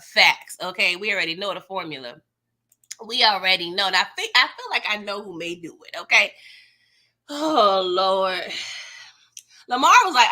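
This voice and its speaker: A woman's voice: mid-range voice, animated, moderate pace, sharp tone. A young adult woman hosting a live TV recap stream, chatting casually and expressively with slang and frequent laughter while she reads out viewer comments.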